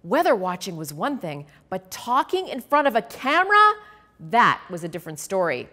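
Woman, children's read-aloud, expressive, very animated pitch. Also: moderate pace. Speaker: author reading her picture book.

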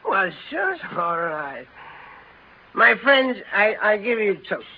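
An actor playing a tipsy, clowning middle-aged uncle in a 1930s radio drama, drawling mock-grand toasts. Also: male voice, sits high, big pitch swings, measured pace, exaggerated voice. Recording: dull old radio broadcast, faint hiss.

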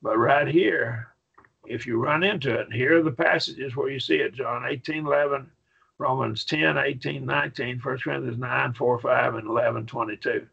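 A man teaching a Bible Greek grammar class in a folksy way, often asking "okay?" and slowing down to stress his points. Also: medium pitch, creaky, fairly bright tone, breathy edge, lo-fi sound. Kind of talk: classroom lecture.

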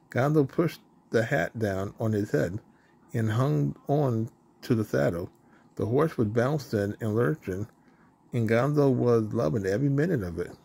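A man reads a children's storybook aloud at a steady, plain pace. His voice is gravelly and a little husky. He trips over a word now and then. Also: mid-range voice. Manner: plain, steady reading with small slips. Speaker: storybook reader. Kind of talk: reading a children's book aloud.

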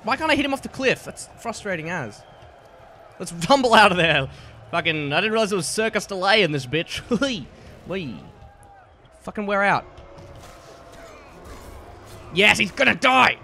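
A young man gives a gaming commentary, his high and bright voice leaping all over the place as he taunts opponents. Faint noise hums under the recording. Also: a little fast, vocal fry. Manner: excitable, trash-talking, laughing at opponents. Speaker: gaming YouTuber. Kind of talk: let's play commentary.

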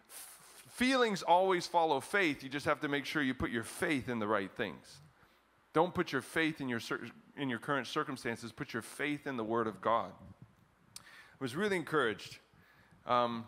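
A middle-aged man preaching a sermon as pastor to his congregation, animated, often chuckling, with his voice jumping up for emphasis. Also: mid-range voice. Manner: chants a scripture refrain slowly, leading the congregation. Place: church service in front of a congregation.

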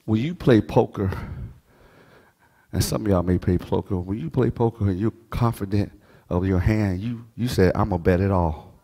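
A middle-aged man preaching a sermon, swinging from soft asides to shouted, half-sung phrases. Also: fairly low pitch, moderate pace, slightly rough. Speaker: pastor.

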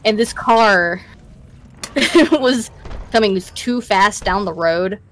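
A woman's voice: mid-range voice, slow. Chatty woman gaming with a friend. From US East Coast. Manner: chatty storyteller, reads quest text aloud in playful voices. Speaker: co-host. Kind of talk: casual let's-play chat.

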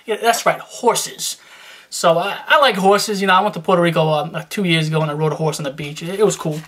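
Hyped, bright-voiced man giving shout-outs. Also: on the high side, a little fast. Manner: hyped, joking, streetwise patter; repeats "you know what I'm saying". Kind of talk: casual vlog shout-outs.

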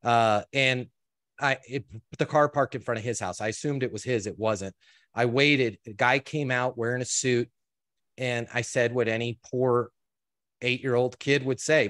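A man spinning a personal story as an interview guest. He talks with animation, acts out the people he quotes and doubles back on his words often. His voice sits at an ordinary middle pitch. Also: normal speed. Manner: animated storyteller, quotes others, many restarts. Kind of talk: storytelling in conversation.

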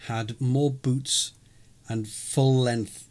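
A man's voice: mid-range voice, steady tone, drawn-out words, a little mellow. A man co-hosting a podcast, recapping a live role-play event in casual chat, rambling and chuckling with many fillers. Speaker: podcast co-host.

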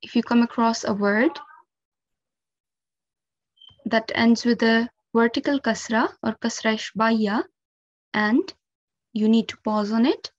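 Woman recitation teacher, slow and patient, fairly high voice, dull lo-fi sound. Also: no echo. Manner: patient, careful step-by-step explanation with frequent 'um' and 'okay'. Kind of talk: instructional lesson.

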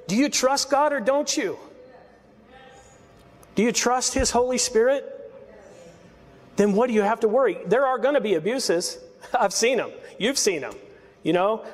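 High-voiced pastor preaching in an echoing hall. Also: male voice. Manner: conversational, sarcastic asides, frequent laughs. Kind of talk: expository sermon. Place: church sanctuary. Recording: hall reverb.

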